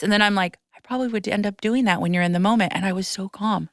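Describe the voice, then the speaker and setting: A woman hosting a podcast, telling a story to a friend in an animated rush, with frequent restarts and casual swearing. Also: medium pitch, fast, hardly any pauses, no room sound, studio quality. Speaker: podcast host. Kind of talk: casual chat.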